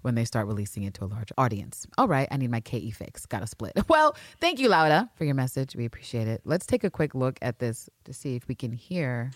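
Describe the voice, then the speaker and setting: A woman co-hosting a podcast in casual chat, animated and swearing, laughing often. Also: a bass voice, fairly quick, hardly any pauses, no echo. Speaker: podcast co-host.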